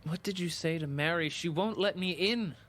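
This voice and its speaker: A man's voice: on the high side, moderate pace, very noisy, close to an everyday voice. An actor playing an earnest, anxious bullied orphan boy who stammers when upset.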